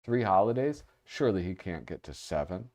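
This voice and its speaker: Guy streaming live, kinda deep voice but really bouncy, keeps getting sidetracked by chat. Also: big pitch swings, normal speed, darkish tone. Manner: chatty and easily distracted, laughing often, reading out chat comments. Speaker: livestream host. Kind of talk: casual live commentary flipping through art.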